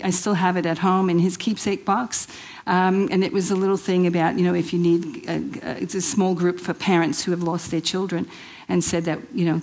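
A woman's voice: medium pitch, darkish tone, rough recording. Earnest middle-aged woman from New York. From New York, USA. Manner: emotional, earnest, with hesitations. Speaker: speaker. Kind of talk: personal testimony talk.

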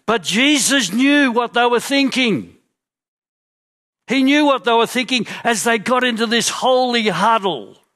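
Preacher, male, high-pitched, storytelling sermon delivery with hushed asides. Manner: storytelling, acting out the crowd and drops to quiet asides. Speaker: pastor.

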